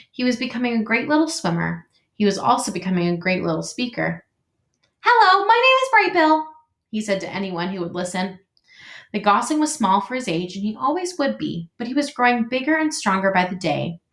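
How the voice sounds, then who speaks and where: A teacher reading a children's book aloud in an expressive, measured way. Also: female voice, mid-range voice. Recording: echoey room.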